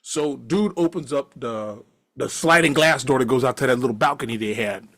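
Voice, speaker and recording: A middle-aged man telling a story casually, animated, laughing often and swearing freely. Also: medium pitch, moderate pace.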